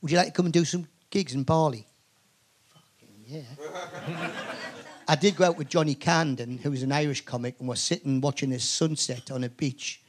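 On a comedy club stage during a live podcast chat, a male comedian guest from north-east England, a Geordie with a higher voice, tells stories with lively energy. He speaks at a moderate pace with long pauses, often tripping over his words and stammering into restarts, and he swears.

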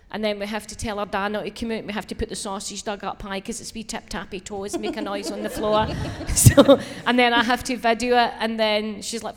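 A middle-aged Scottish woman telling stories on a live comedy podcast, blunt and animated. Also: mid-range voice, brisk, few pauses. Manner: blunt, sweary, animated storyteller. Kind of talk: casual chat. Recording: roomy live theatre sound.

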